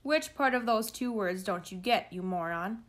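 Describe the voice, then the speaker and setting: A woman's voice: mid-range voice, animated, moderate pace, natural voice. Woman doing a menacing teen bully. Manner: menacing, snarling. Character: menacing teenage boy bully, gang leader. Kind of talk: storybook read-aloud.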